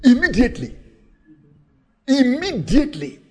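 Fervent shouting preacher. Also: male voice, very high voice, huge pitch swings, unhurried, slightly rough. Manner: fervent, shouting, storytelling with call-outs. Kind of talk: sermon.

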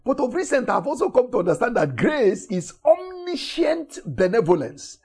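A man preaching a sermon emphatically, repeating phrases and swinging between shouted emphasis and soft, intimate lines. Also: very high-pitched, very animated, normal speed, creaky, husky, faint music behind.

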